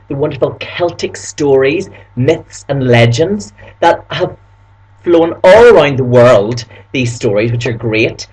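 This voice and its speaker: Husky and a little mellow, a mid-range male voice comes through a low-quality recording. The speaker, a Belfast man with a Northern Irish accent, adopts a camp persona for a casual vlog, gushing and spinning stories.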